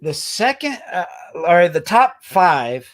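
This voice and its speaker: A man's voice: high-pitched, very animated, takes it slowly. A man co-hosting a podcast in casual chat, hesitant and searching for words with many fillers. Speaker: podcast co-host.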